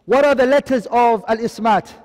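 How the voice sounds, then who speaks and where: High-voiced male tajweed teacher quizzing. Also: darkish tone, big-room sound. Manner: quizzing, asks and answers his own questions; recites Arabic terms quickly, then explains in English. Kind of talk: online lesson.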